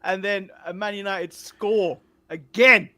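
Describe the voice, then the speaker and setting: An English man in his thirties, a podcast co-host chatting casually and telling animated stories, laughing often. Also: high voice, slow. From England. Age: 30s. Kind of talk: casual chat.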